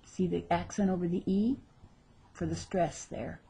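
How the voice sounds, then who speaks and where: A woman's voice: fairly low pitch, fairly even intonation, normal speed, dark tone, breathy edge. A woman teaching a recorded language lesson, patiently repeating each word for her learners, with a light touch of self-teasing humor. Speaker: Spanish teacher.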